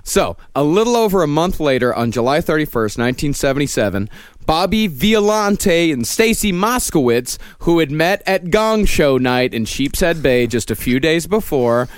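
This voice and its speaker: A man hosting a podcast, telling the story and dropping his voice low at the ends of sentences. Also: big pitch swings, normal speed, clear, resonant tone, no echo, studio quality. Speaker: podcast host. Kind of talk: true-crime narration in casual chat.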